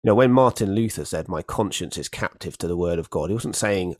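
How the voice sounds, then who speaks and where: Guy, lowish voice, dry close sound, making his point firmly in a faith chat. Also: a little fast, darkish tone, no echo. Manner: emphatic, explains with acted-out examples. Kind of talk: casual theological discussion.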